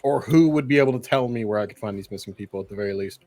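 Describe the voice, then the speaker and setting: A man playing in a tabletop game, speaking in character in a calm, measured way. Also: lowish voice, dry recording. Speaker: player.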